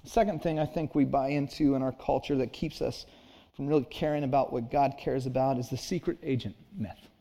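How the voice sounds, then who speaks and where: A man's voice: medium pitch, steady tone, a little fast, dark tone. A man preaching a sermon in an earnest, conversational way, acting out little asides. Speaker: pastor.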